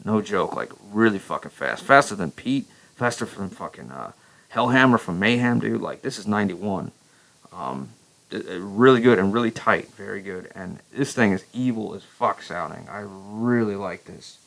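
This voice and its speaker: A man's voice: on the low side, lively intonation, moderate pace, creaky, fairly bright tone, poor audio. A man chatting casually about his records, profane and rambling, full of restarts and enthusiasm. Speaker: metal vlogger and vocalist. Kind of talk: casual record review chat.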